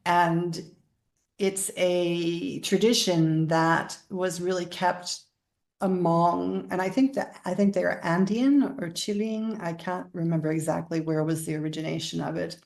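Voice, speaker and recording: A woman's voice: lowish voice, unhurried, vocal fry, a little mellow. A woman being interviewed as a guest, telling a long story in a rambling, conversational way and laughing often as she goes.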